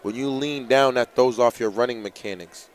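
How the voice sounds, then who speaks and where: A male announcer at a live track meet hypes runners, reads out heats and gives coaching tips with excitement. He speaks at normal speed with medium pitch over a noisy background.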